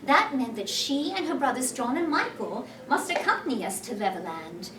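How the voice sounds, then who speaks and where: A woman performs a one-woman storytelling show in character, playful and animated, addressing her audience directly. She is recorded from a distance in a spacious hall. Her voice sits high, and there is background noise.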